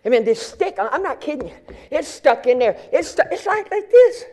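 High-voiced man telling a sermon story. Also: a little fast. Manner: animated, colloquial, repeats and restarts words. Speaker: pastor.

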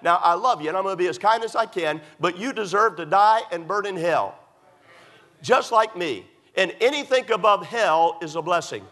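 A man's voice: high voice, moderate pace, pushed and bright. A middle-aged man, a pastor, preaching a sermon emphatically, repeating points and using many fillers.

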